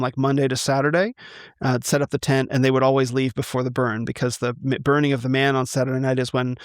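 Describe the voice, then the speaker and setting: A man from the United States tells his personal story to an interviewer over a call. He halts and restarts often and fills pauses with ums. His voice sits in a middle pitch and sounds dry and close. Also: dry recording. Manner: halting, many restarts and fillers. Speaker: interview guest. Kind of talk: conversational testimony.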